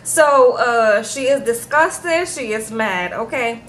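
Bright, high-voiced chatty woman. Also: takes it slowly, slight background noise, rough recording. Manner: chatty, animated, keeps adding "okay?". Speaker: reality TV recap YouTuber. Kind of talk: casual storytelling recap.

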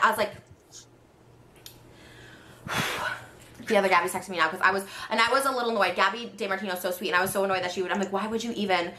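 Thirty-something woman going off fast, kinda high voice, echoey room. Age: 30s. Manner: animated, exasperated, fast venting. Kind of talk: emotional rant.

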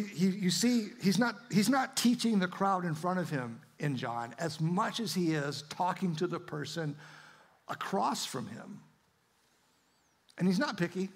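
A man's voice: sits high, slightly rough. A man preaching a sermon in an earnest style, often repeating and restarting words as he builds to emphatic declarations. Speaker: pastor.

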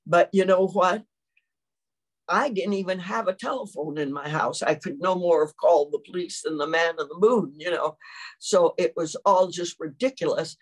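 A woman's voice: on the low side, normal speed. An older woman, preaching a sermon and telling a personal story with lots of acted-out quotes.

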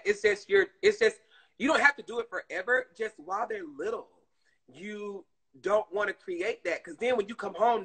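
A woman chatting casually on her live stream, animated and swearing freely, calling her viewers "girl". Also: mid-range voice, breathy edge, rough recording.

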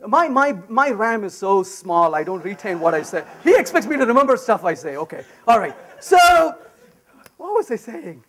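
A man giving a technical talk at a conference, his voice high and bouncing all over the place. He jokes with the audience and keeps checking in with a quick "right?". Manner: animated and joking, repeats "right?". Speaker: conference speaker.

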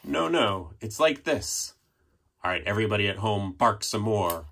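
A man's voice: on the low side, animated, normal speed, gravelly, sharp tone. A man hosting a children's storytime, reading aloud playfully with sound effects and prompts for the audience at home. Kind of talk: read-aloud storytime for kids.

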